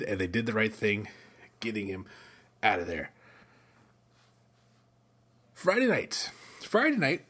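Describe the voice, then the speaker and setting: A man's voice: medium pitch, fairly bright tone. A middle-aged American man hosting a casual solo podcast, rambling conversationally with lots of fillers and restarts. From United States. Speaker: podcast host.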